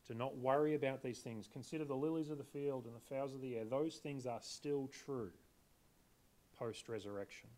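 A male preacher delivers a sermon in a relaxed, conversational manner. His voice sits at an ordinary middle pitch, and he keeps drawing the congregation in with direct questions.

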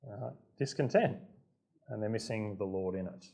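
A man's voice: on the low side, moderate pace, creaky, mellow. A man preaching a sermon to his congregation, chatty and self-deprecating, often stepping into the voices of the people in his stories. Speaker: pastor.

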